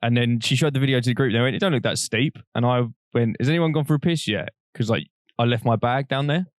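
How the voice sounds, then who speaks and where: Young guy, podcast co-host, middle pitch, dry close mic, rambling storyteller who laughs a lot. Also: quick pace, dry recording. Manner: rambling, animated anecdotes with frequent laughter. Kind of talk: casual storytelling chat.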